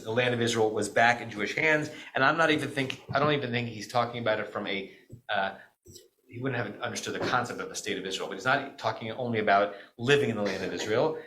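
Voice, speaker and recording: A man's voice: medium pitch, bright, forceful tone, poor audio. A middle-aged man, an American rabbi, giving a conversational Shabbat teaching with frequent "right?" asides and self-corrections.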